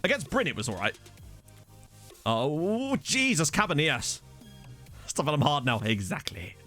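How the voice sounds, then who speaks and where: Here the host sounds unhurried, a bit high, bright and forceful, with big swings in pitch. Playing a football management game, the young man keeps up jokey, casual let's-play chatter about the match, recorded on a desktop studio mic over faint game music.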